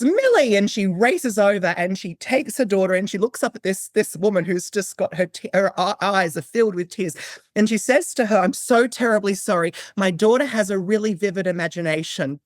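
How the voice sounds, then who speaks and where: A man as a podcast guest, earnestly telling a personal story, animated and often restarting his sentences. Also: high voice, no room sound, studio quality. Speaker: guest, psychic medium. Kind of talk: conversational storytelling.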